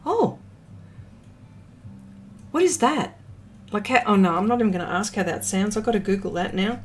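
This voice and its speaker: A woman's voice: medium pitch, animated, normal speed, slight background noise. An Australian woman hosting a live art stream, chatting casually and reading out viewer comments, with many fillers and small laughs.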